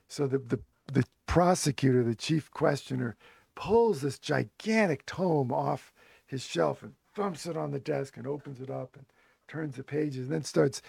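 Gravelly man telling a story. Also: medium pitch, no room sound. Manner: lively storyteller who acts out quoted voices, with restarts and chuckles. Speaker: author guest. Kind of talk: anecdotal storytelling in conversation.

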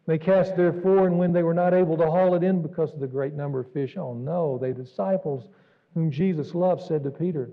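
A man pastor delivering an earnest, dramatic sermon, jumping between raised exclamations and hushed asides. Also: a little high, moderate pace. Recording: dull recording in a reverberant hall.

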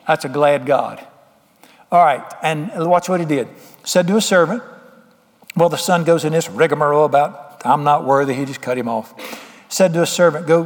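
A man's voice: a little high, in a large hall. A man preaching a sermon, folksy, plain-spoken and emphatic with homespun sayings. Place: church sanctuary.

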